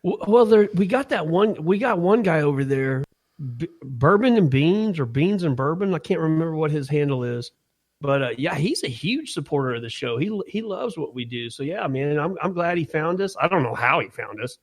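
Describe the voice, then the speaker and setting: A man's voice: a little high, animated, moderate pace, no room sound. A man co-hosting a podcast in a studio, chatting casually and laughing often. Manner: laid-back, laughs often, says "man" and "dude". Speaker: podcast co-host. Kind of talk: casual chat.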